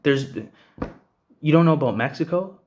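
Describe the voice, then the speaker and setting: A young vlogger from Hamilton, Ontario, Canada, with a slightly high voice at normal speed, rants angrily to the camera. He's blunt and profane, dropping "bro" and "you know what I'm saying" as he goes.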